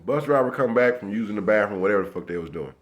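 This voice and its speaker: A man's voice: lowish voice, expressive, racing, lo-fi sound. A man casually telling a tense street story in profane slang, acting out the dialogue as he goes. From Los Angeles area.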